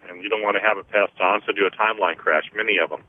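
A man hosting a call-in radio show, slowly counting through energy clearings and explaining them with many fillers. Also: lowish voice, fairly even intonation. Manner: slow, deliberate counting with frequent fillers. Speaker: host, energy healer. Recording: tinny phone-line radio sound.

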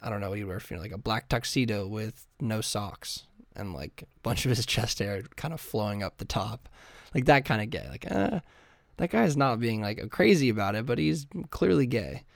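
A man hosting a podcast, rambling through a crude comedic monologue in a deadpan way, with sudden silly voices. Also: on the low side, moderate pace, vocal fry, no echo, studio quality. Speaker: podcast host.

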